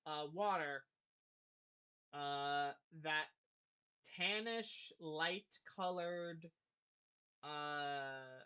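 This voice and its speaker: A game master narrating a tabletop game scene in a rambling way, full of pauses and restarts. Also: mid-range voice, pushed and bright, clean tone. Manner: rambling, many fillers and restarts.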